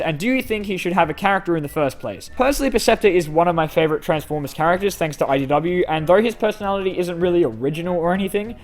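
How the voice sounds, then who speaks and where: Young male YouTube host, slightly high voice, casual self-deprecating Q&A, faint music underneath. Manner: self-deprecating, rambling with fillers. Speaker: YouTube channel host answering fan questions. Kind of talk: casual Q&A reading comments aloud.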